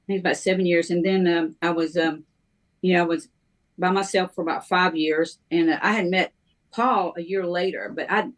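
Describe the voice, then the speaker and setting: A middle-aged woman, a minister, telling her life story in a halting, conversational way, with many ums and restarts. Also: lowish voice, fairly even intonation. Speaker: guest minister sharing her testimony.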